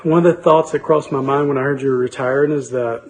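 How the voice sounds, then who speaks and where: Steady, even-toned grateful man. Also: mid-range voice, fast, a little hiss or hum, low-quality recording. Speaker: former student. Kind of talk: recorded video tribute.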